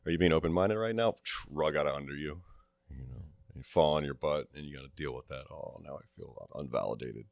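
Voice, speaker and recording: A man's voice: rumbling low, fast, no echo, studio quality. A man on a recovery podcast, talking reflectively and challenging listeners with rhetorical questions. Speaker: podcast co-host.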